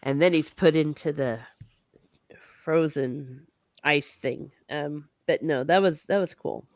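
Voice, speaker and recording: A woman's voice: sits low, normal speed, a little mellow, no echo, clean studio sound. A woman hosting a casual book discussion, recapping the plot in a chatty way and swearing now and then.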